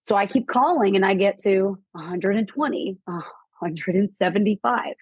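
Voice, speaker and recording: A woman guest on a podcast telling a personal story, animated and quoting people in lively voices. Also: medium pitch, moderate pace, slightly rough, no room sound, lo-fi sound. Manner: animated, quotes herself and others in lively voices. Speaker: podcast guest, real estate investor. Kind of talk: storytelling in an interview.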